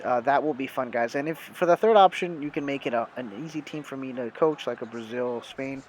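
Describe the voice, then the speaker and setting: A man's voice: mid-range voice, rough recording. Chatty American man commenting on gameplay. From United States. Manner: chatty, addresses viewers as guys, many fillers and self-corrections. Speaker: gaming YouTuber.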